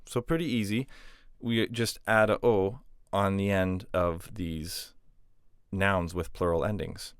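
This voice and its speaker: A young adult man with a lowish, smooth voice walks through a grammar lesson, easygoing and full of small fillers. He reads example phrases slowly and clearly. The recording is close and dry, with no room sound. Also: no room sound. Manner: relaxed explaining with fillers, reading example phrases. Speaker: language teacher.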